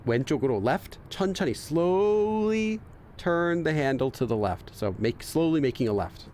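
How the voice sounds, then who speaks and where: A man's voice: mid-range voice, lively intonation, racing, a little mellow, slight background noise. A man hosting a game playthrough, reading the on-screen text aloud, translating it and thinking aloud with many fillers and restarts. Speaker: let's play host and Korean learner.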